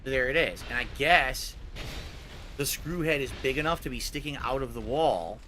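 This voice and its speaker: A man's voice: medium pitch, normal speed, sharp tone, slight background noise. A man livestreaming from his room at home, chatting casually with his viewers and thinking aloud as he works on a task with his hands. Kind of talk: casual live-stream chat. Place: home room with foam soundproofing on the wall.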